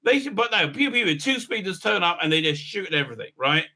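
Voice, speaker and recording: A man's voice: high voice, sing-song, quick pace, bright, forceful tone. A man giving an exasperated, sarcastic recap review, full of "uh" fillers. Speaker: YouTube reviewer. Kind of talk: ranting episode recap.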